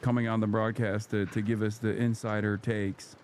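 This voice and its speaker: A man hosting a casual livestream, reacting with sarcastic, deadpan asides. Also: fairly low pitch, moderate pace, slight background noise. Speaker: streamer host.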